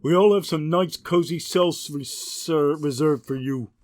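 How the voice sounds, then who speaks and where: A man voicing a gruff, bullying male prison guard, barking and mocking. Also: on the high side, a little slow, a little mellow, dry recording, voice pushed up, close to an everyday voice. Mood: taunting.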